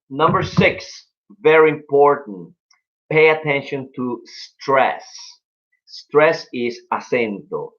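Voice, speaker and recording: A man's voice: lowish voice, dull audio. Upbeat man teaching English. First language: Spanish. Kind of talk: live-streamed English lesson.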